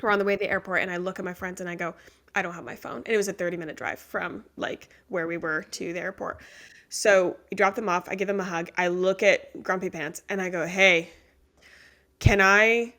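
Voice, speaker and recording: Female podcast host, bright tone, animated storytelling, laughs a lot. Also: lowish voice, fast talker. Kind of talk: casual interview chat.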